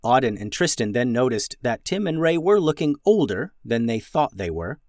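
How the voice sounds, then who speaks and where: Lively male children's storyteller. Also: medium pitch, moderate pace, no room sound, clean studio sound. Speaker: podcast host and storyteller.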